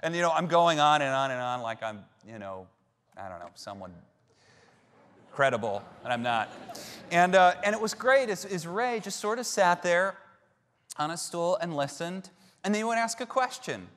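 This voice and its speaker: A man's voice: fairly high pitch, big pitch swings, moderate pace, fairly bright tone, a little hiss or hum. Storytelling male pastor in a reverberant hall. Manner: conversational, self-deprecating storytelling. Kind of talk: sermon.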